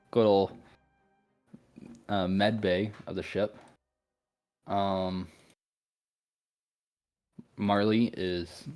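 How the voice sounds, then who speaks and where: A man's voice: lowish voice, a little mellow. A man narrating as game master of a tabletop role-playing session, easygoing and full of fillers.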